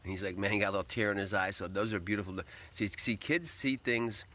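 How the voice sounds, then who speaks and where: A man's voice: on the low side, fast, pushed and bright. A man hosting a casual livestream, greeting viewers by name and rambling upbeat while he eats. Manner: talks while eating. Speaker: livestream host.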